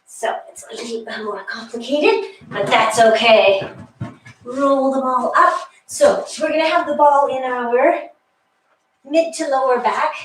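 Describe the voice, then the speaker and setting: A woman's voice: high-pitched, unhurried. A woman leading a guided workout class, counting reps with chatty asides and slightly out of breath. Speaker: fitness instructor. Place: exercise room with a wall. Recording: echoey room, mic far off.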